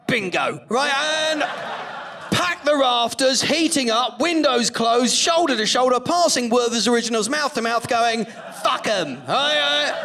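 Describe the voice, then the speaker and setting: A man's voice: very high voice, pushed and bright, distant mic. A middle-aged British man doing a sweary, mocking stand-up rant in a comedy club. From Britain. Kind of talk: live stand-up set.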